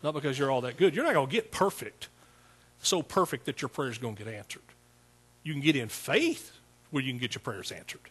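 Husky-voiced man preaching a sermon. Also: mid-range voice, expressive, brisk, a bit bright. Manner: conversational preaching, repeats words, asks the congregation questions. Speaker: pastor.

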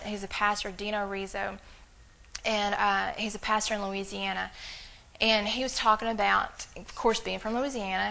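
Woman preaching with a gravelly voice. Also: mid-range voice, poor audio. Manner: animated, rambling, quick asides. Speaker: church speaker. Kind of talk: informal sermon with storytelling.

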